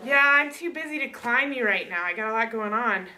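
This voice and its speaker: A woman's voice: a little high, lively intonation, a little fast, sharp tone. A woman voicing a boy grown into a busy, needy man in a story retelling, speaking in an offhand, casual way.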